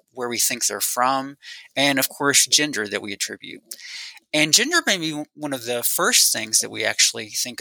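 A male researcher talks through his study in a measured, academic manner. His voice is very bright and crisp-edged. The sound is dry and close, with no room around it. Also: medium pitch, dry recording, low-quality recording. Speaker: speech researcher guest. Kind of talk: explaining research in an interview.

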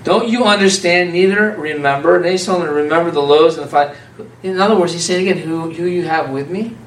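A man's voice: on the high side, fast, distant mic, a little hiss or hum. Man preaching in an echoey room. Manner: conversational, animated, laughs often. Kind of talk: informal sermon to a small group.

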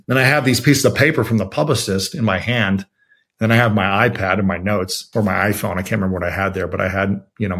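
A man from Ohio telling a story in a relaxed interview, acting out quotes with lots of fillers. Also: fairly low pitch, breathy edge. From Ohio, USA. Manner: animated, quotes himself and others with many fillers. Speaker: podcast host as guest. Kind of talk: conversational storytelling.

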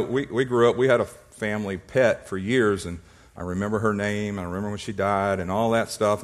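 Joking man preaching a sermon. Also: mid-range voice. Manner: humorous storytelling, acts out little scenes; repeats words and restarts when excited. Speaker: pastor.

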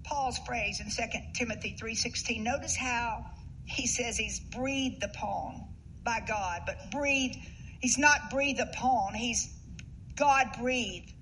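High, bright-voiced woman preaching. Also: slow pace, slight background noise, rough recording. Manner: earnest, rising to emphatic bursts. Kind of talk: sermon.

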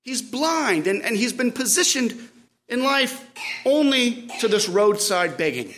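A man delivers a sermon in a high, light voice. He preaches with drive, swelling to loud cries and then dropping to quiet, intimate asides. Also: sing-song, unhurried. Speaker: pastor.

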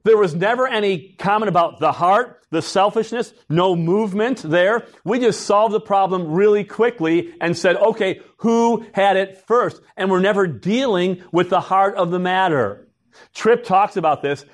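A middle-aged man preaching a sermon in an easy, conversational way, acting out what parents and kids say. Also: sits high. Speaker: pastor.

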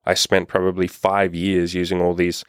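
A man's voice: sits low, completely flat delivery, moderate pace, clean tone, no echo, studio quality. A young man coaching on dating in a blunt, profane, impassioned casual monologue.

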